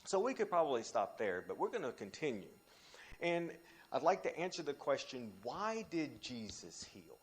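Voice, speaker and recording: A man teaching a Bible study, talking in an animated way with restarts and sudden rises when he quotes scripture. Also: moderate pace. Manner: animated, frequent restarts, pitch jumps when quoting scripture.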